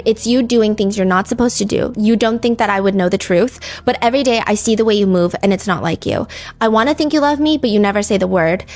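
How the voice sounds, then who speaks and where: Woman, true crime host, casual conversational delivery, average pitch, loose and chatty. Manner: chatty, lots of "like" fillers, reads lyrics aloud.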